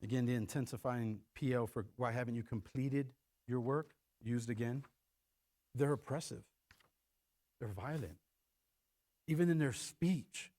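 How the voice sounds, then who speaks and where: A middle-aged man preaching a sermon in church, animated and acting out quoted lines in shifting voices. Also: medium pitch, unhurried, pauses often. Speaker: pastor.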